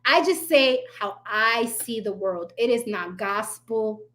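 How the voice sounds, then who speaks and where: Her voice is a little high and a bit bright, and she talks at a slow pace. Hosting her own commentary channel, she addresses viewers head-on with blunt, sarcastic rants and plenty of swearing.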